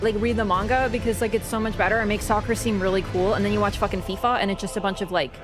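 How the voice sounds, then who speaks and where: A woman's voice: medium pitch, fairly even intonation, fast talker, music in the background. A woman streamer in a casual live-stream chat, rambling and swearing as she rants.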